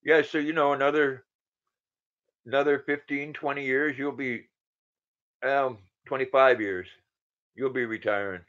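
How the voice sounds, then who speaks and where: A man's voice: mid-range voice, fairly even intonation, a little slow, pauses often, fairly bright tone. A man in his sixties hosting a casual livestream, greeting viewers by name and reading their comments aloud. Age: 60s. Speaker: livestream host. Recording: dull lo-fi sound.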